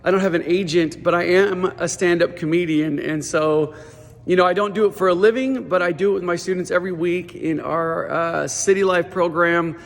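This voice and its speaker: A man who runs a teen center, giving an audition pitch and telling stand-up stories in a casual, animated way, saying "dude" and "like" a lot. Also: normal speed, creaky. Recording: long reverberant hall sound.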